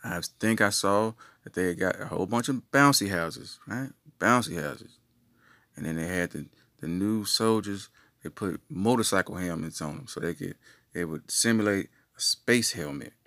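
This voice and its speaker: A man's voice: low voice, a bit bright, dry recording, studio quality. A man hosting a comedy podcast, rambling through playful made-up stories. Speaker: podcast host.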